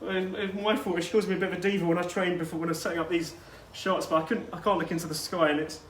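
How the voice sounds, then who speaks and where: Male fitness coach, higher voice, chatty instructive delivery with asides, outdoor take with light ambience. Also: level tone, quick pace, fairly bright tone, a little hiss or hum. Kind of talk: guided workout instruction.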